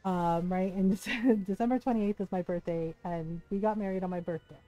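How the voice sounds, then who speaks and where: A woman's voice: medium pitch, normal speed, warm tone, faint music behind, poor audio. A woman game streamer chatting casually, animatedly telling a personal story, quoting people and laughing often. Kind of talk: casual storytelling chat while gaming.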